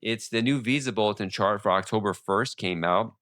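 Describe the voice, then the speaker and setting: Male podcast host, very low voice, quick and rambling, sore throat, close dry mic. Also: fairly bright tone, no room sound. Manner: fast-talking with many restarts and fillers. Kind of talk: casual monologue on legal updates.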